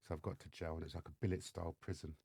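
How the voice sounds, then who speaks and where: A man with an English accent, a podcast guest telling his life story in lively fashion and acting out the voices of others. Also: rumbling low, rapid-fire, creaky, slightly rough, no room sound. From England. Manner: animated storyteller acting out dialogue. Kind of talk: storytelling interview. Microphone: studio microphone.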